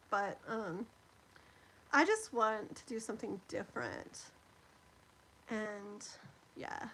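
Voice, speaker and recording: A woman's voice: mid-range voice, fairly bright tone, a little hiss or hum, rough recording. A middle-aged woman, chatting casually and rambling with lots of fillers as she does a live tarot stream.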